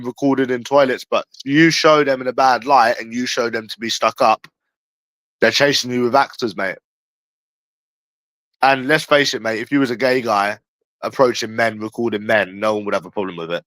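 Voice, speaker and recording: A man's voice: mid-range voice, a bit bright, no echo, rough recording. A man ranting casually on a livestream, blunt and profane, talking straight to a viewer in chat. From England. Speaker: livestream host.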